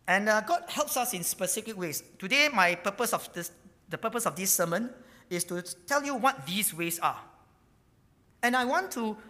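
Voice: mid-range voice, sharp tone, long reverb tail. A pastor preaching a sermon, emphatic and repetitive, stumbling over words with frequent fillers. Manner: emphatic, repeats key words.

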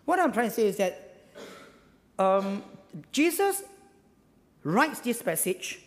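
Speaking slowly in a high voice, a male pastor with a Singaporean English accent delivers an animated, conversational sermon in a church hall. He tacks "ah" and "lah" onto his phrases and keeps putting rhetorical questions to the congregation, with long hall reverb on the recording.

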